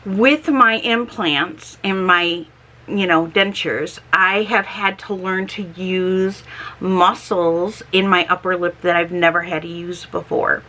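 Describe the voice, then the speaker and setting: A middle-aged woman chatting casually in a vlog, talking slowly and carefully, with slightly slurred, lisping S sounds from her dentures. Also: on the low side, fairly even intonation, sharp tone. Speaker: homestead vlogger.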